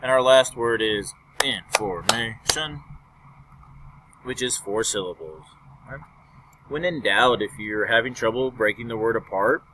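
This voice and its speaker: A man's voice: mid-range voice, bright, forceful tone, slight background noise. A young man teaching a recorded fourth-grade lesson, upbeat and patiently explaining step by step.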